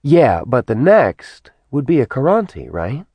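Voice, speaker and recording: A male narrator voicing a quick-witted, teasing young woman with a lifted, lighter delivery. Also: medium pitch, huge pitch swings, a little mellow, husky, no room sound, exaggerated voice.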